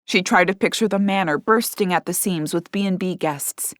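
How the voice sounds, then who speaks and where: A woman's voice: lowish voice, no echo. Woman narrating a cozy mystery, dry sound. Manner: measured storytelling. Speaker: audiobook narrator. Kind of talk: scripted narration.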